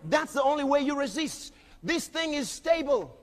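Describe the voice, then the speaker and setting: High-voiced preacher booming in a hall. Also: male voice, very animated, moderate pace. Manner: emphatic, acts out dialogue, often shouts, asks the crowd. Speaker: pastor. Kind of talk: sermon. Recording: long reverb of a large hall.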